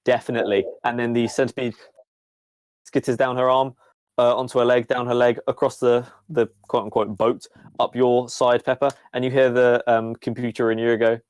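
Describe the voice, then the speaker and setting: Game master narrating loosely. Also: male voice, medium pitch, little pitch movement, moderate pace, a little mellow, clear, resonant tone, no room sound. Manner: rambling, full of fillers.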